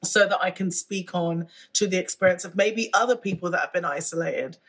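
A woman's voice: lowish voice, a little fast, a bit bright, breathy edge. A woman with a British accent, a musician who is a guest in a casual interview, talking candidly and laughing often. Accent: British English. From Britain.

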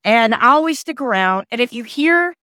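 A woman's voice: a little high, lively intonation, normal speed, bright, forceful tone, clean tone, no room sound, studio quality. A passionate woman, stuffy and nasal from a cold, telling a personal story on her podcast with emphatic repeats. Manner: emphatic, repeats phrases, restarts often. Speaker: podcast host and motivational speaker. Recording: outdoors in rain.

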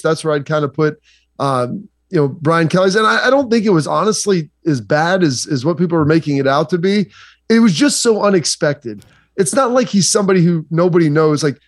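A man's voice: a little high, no room sound. Chatty man with a dry close sound. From Southeastern Ohio, USA. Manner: rambling, chatty, lots of fillers. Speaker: sports analyst guest. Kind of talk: casual sports talk.

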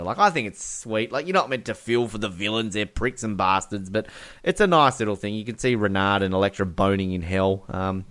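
A man's voice: on the low side, brisk, fairly bright tone. A man talks through a film scene by scene in casual podcast chat. He laughs a lot and acts out the characters' lines.

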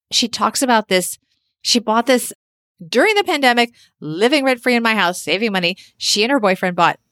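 A middle-aged woman in casual conversation, telling animated stories and acting out what others said. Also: medium pitch, no echo, clean studio sound. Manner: animated storytelling, acts out quoted voices. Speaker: podcast host and author. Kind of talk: casual chat.

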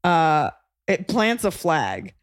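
A woman's voice: fairly low pitch, normal speed, dry recording, studio quality. A woman from Texas hosting a podcast, chatting casually and acting out voices in her stories. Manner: chatty, acts out voices in anecdotes. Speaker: podcast host. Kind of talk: casual chat.

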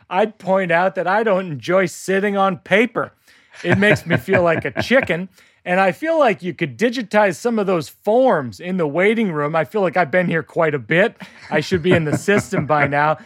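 Deadpan man telling a comic story. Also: sits high, moderate pace, no room sound, studio quality. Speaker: comedian workshopping a story.

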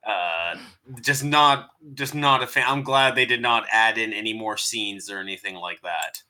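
A man with a very bright, forceful voice talks through a movie review in loose, casual chat. He is animated, laughs often and swears freely as he sums up the plot. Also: fairly low pitch, normal speed. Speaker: streamer co-host.

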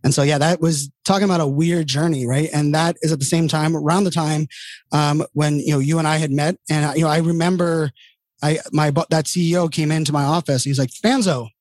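A middle-aged man tells stories in a loose, conversational way, stringing thoughts together with fillers and restarts. His voice sits slightly high for a man, and the sound is dry with no room echo. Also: level tone, brisk, a little mellow. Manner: rambling, heavy with fillers and restarts. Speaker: entrepreneur guest. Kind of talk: casual conversational storytelling.

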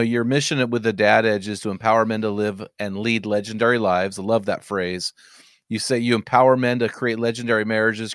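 A man hosting a podcast, asking his guest questions in a measured, earnest way. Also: lowish voice, dry recording, clean studio sound. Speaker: podcast host. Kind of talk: interview questions.

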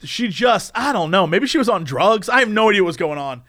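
Young man, casual podcast co-host; high, sing-song storyteller who jumps into shrill shouted impressions. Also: brisk, no room sound, clean studio sound. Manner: animated, acts out people in shrill shouts.

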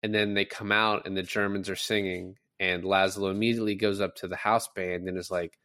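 A man's voice: low-pitched, flat delivery, a little fast, pushed and bright, clean tone, dry recording, clean studio sound. A man co-hosting a podcast who chats casually about a film, retelling scenes with lots of fillers. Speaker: podcast co-host. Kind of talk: casual movie discussion.

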